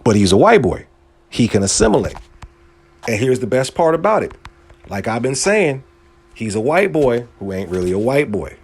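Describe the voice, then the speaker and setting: Animated man ranting on a podcast. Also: normal speed, vocal fry, slightly rough. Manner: animated, swings pitch up for emphasis, profane street slang. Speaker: podcast host. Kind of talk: casual monologue commentary.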